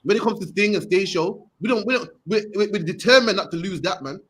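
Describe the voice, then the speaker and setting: A man preaching to a group, punchy and forceful, ending his lines with "man". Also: sits high, a little fast, breathy edge. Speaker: street preacher teaching a group. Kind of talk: impassioned preaching.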